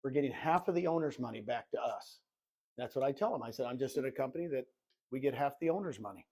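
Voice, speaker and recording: Speaking quickly at a medium pitch, this man in his sixties coaches real estate agents live, playing the self-admitted goofball. His stories are animated, and he performs the conversations within them.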